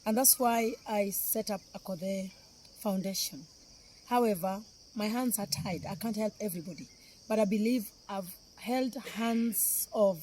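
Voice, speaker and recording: A woman's voice: mid-range voice, dark tone, a little hiss or hum. A middle-aged woman with a Kenyan accent gives a heartfelt, emotional appeal, repeating phrases for emphasis. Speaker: philanthropist speaking on camera.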